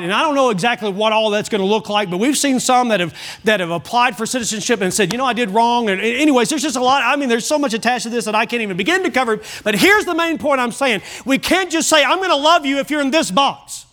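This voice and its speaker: Middle-aged man, pastor, high voice, bright tone, sermon in church, animated storyteller, restarts his lines. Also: quick pace, hardly any pauses. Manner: animated storytelling, repeats words when starting a line.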